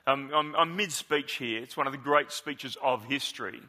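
A male pastor preaching a sermon in a conversational way, tossing in rhetorical questions and quick asides. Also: medium pitch, sharp tone.

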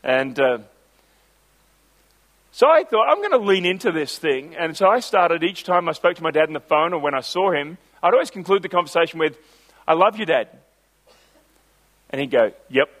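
A man's voice: on the high side, animated, normal speed, long pauses, a bit bright. A middle-aged man, preaching a sermon in a storytelling way that builds to emphatic passages. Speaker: pastor.

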